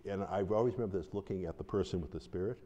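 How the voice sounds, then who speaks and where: A man's voice: low voice, very fast, mellow, dull audio. A man from Buffalo, New York teaching about deliverance ministry in an informal, rambling way, telling stories and acting out the quotes. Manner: rambling storyteller, acts out quotes with laughs. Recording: long hall reverb.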